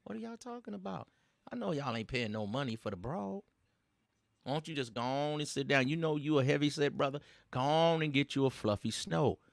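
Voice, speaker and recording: A man runs a mocking commentary rant, his voice gravelly and a touch raised in pitch. His delivery swings widely as he teases the listener in loose slang. The sound is dry and close. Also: expressive, brisk, dry recording. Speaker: host.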